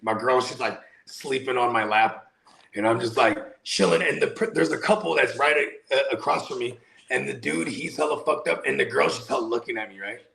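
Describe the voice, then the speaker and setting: A man telling stories in a casual podcast chat, animated and slangy, sometimes breaking into loud shouts. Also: medium pitch, brisk, creaky, slight background noise. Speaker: podcast co-host.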